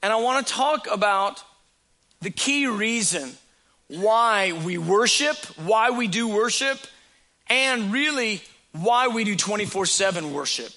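A man's voice: sits high, expressive, a little slow, sharp tone. A man preaching a sermon as a pastor, talking in a conversational storytelling way with repeated phrases.

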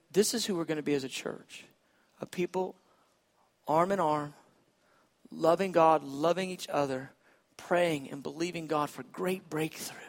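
Animated high-voiced preacher. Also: male voice. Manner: animated, swings from shouting to hushed. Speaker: pastor. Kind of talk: sermon.

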